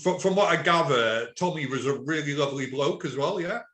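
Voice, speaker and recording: A man's voice: on the high side, brisk, a bit bright. A man from England hosting an interview and prompting his guest with friendly questions. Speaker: interviewer host. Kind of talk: conversational interview.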